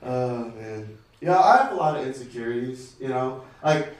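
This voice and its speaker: A man's voice: mid-range voice, expressive, normal speed, darkish tone, very echoey, recorded from a distance, slight background noise. A man performing a stand-up comedy set in a club, talking casually with lots of fillers and asides. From United States. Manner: casual, rambling delivery with many fillers.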